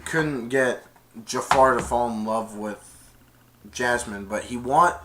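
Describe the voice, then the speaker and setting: Against a noisy background, a movie reviewer slowly retells a film's plot in a mid-range voice. His account rambles casually, with events strung together by repeated "and then" restarts.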